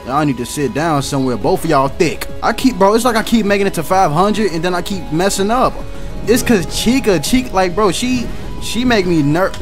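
Young man, gaming commentary, loud and slangy, animated pitch, faint background music. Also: fairly quick. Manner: excitable, slangy, swears, yells and screams at game characters. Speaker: gaming YouTuber. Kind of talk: loud reactive let's-play commentary.

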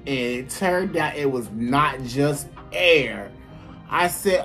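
A man telling a casual story to his viewers, animated and blunt, swearing freely and talking straight to them. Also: a little high, slow, faint music behind. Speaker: vlogger. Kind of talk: casual story time while eating.

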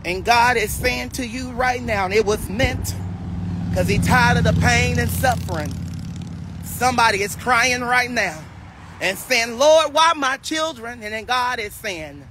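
Slow, chanting woman preacher praying. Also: a little high, a bit bright, a little hiss or hum. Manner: slow, chanting, repetitive prayer with bursts of tongues. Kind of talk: livestream prayer and speaking in tongues. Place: on a live stream.

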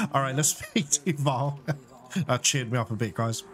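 A man's voice: mid-range voice, fairly bright tone. A man giving casual, emotional gameplay commentary as a let's play host, talking straight to his viewers. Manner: chatty, emotional, keeps addressing viewers.

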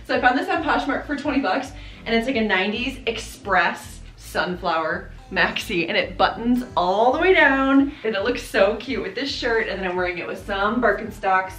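With an animated, fairly bright mid-range voice at a moderate pace, a thirtysomething fashion vlogger chats casually through a try-on haul. She's bubbly and laughs often, and her echoey room has faint music playing behind her.

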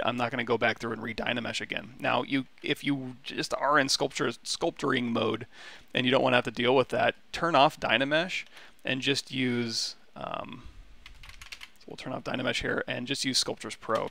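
A man giving a relaxed, rambling livestream tutorial on software, with many fillers and restarts. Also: mid-range voice, gravelly, no room sound. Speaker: 3D sculpting instructor.

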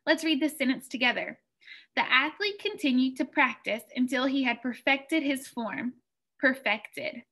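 A woman teaching a phonics lesson to young children, encouraging and clear as she sounds out words slowly. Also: high-pitched, bright, forceful tone. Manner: encouraging, clear, slow word-by-word.

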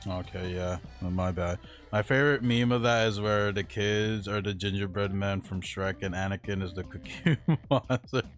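A young man casually commentating a platform game on a livestream, slangy and profane, laughing often and yelling when he dies in the game. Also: fairly low pitch, normal speed, faint music behind. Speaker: streamer.

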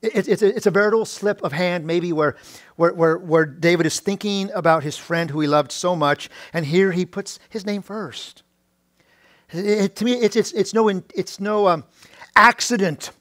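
A middle-aged male pastor giving a sermon, often restarting his words and rising loud and high on key points. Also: brisk, dry recording, studio quality. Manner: preaching with many restarts and repeated words; rises to a loud high pitch when stressing points.

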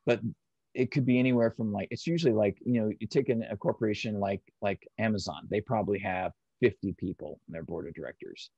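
Guy with a low voice walking through his point step by step, dry dull audio. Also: quick pace, mellow, breathy edge, no room sound. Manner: patient, explains step by step. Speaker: guest. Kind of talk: conversational explanation.

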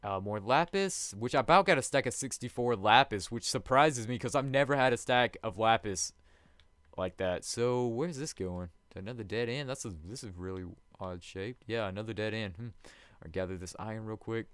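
A man's voice: on the low side, normal speed, fairly bright tone, clean tone, no room sound. A young man giving rambling, casual commentary on his own gameplay, chatting with viewers and laughing often. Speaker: let's play host.

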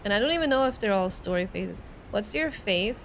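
Streaming and commentating a game live, a young Swedish-accented woman chats at a brisk clip with playful sarcasm. English is not her first language; her medium-pitched voice has lively intonation, and there's a slight hiss or hum in the audio.

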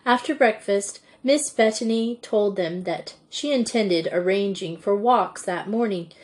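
Slow, measured woman storybook reader. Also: mid-range voice, darkish tone. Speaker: audiobook reader. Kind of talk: storybook narration.

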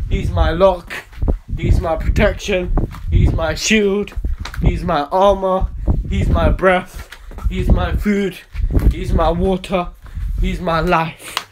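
A man delivering a ranting monologue to camera, emphatic and repetitive, swinging between quiet and loud. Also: high voice, noisy background. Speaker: video blogger.

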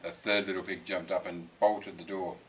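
A man reading a children's picture book aloud with lively, expressive storytelling. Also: low voice, normal speed, a little hiss or hum, rough recording. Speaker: reader.

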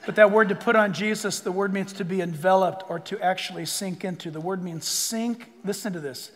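An older man preaching a sermon, swinging between loud bursts and hushed asides and joking with the crowd. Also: high voice, brisk, in a large hall. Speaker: pastor.

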